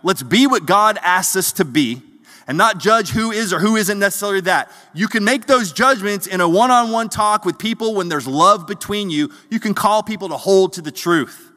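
A pastor delivers a sermon to his congregation in an earnest, conversational style, often stumbling and repeating words while searching for the right ones. His high, bright, forceful voice has lively intonation at normal speed, wrapped in the long reverb of a church hall.

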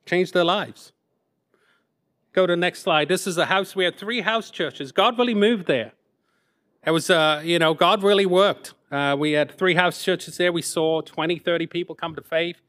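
High-voiced English preacher in his fifties. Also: moderate pace, fairly bright tone. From England. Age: 50s. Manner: self-deprecating storytelling, rambling asides. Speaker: missionary speaker. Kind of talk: sermon testimony.

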